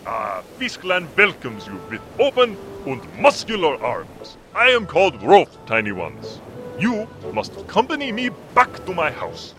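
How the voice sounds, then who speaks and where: A man voicing a huge, jovial, muscular fisherman giant in a comedy audio drama, speaking in a booming, formal, stilted way. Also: wildly swooping pitch, measured pace, fairly bright tone, exaggerated voice. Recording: music in the background.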